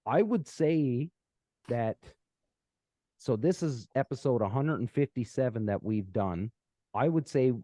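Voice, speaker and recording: A man's voice: mid-range voice, warm tone, no room sound. A man hosting a podcast, chatting casually with many fillers and restarts, from Canada. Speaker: podcast host. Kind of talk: casual chat.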